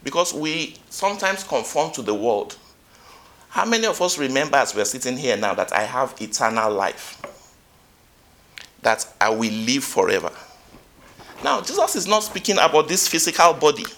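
A man delivers a sermon in a medium-pitched, sing-song voice at normal speed. He poses questions to the congregation and reads scripture aloud, moving between loud, emphatic peaks and quiet asides.

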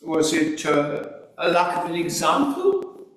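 A man delivers a sermon at a slow, deliberate pace, earnest and emphatic, leaning on rhetorical questions. His voice sits a little high for a man. The recording is strongly echoey and picked up from some distance. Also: big pitch swings. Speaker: preacher. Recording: echoey hall recorded from far off.

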